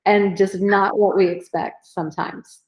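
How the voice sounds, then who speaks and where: A woman's voice: mid-range voice, level tone, a little slow, a little mellow, low-quality recording. Chatty woman podcast host. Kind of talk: casual interview conversation.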